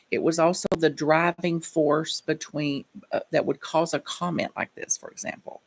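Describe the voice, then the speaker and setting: A woman's voice: low voice, vocal fry. A woman minister giving a reflective sermon, telling personal stories in a conversational way.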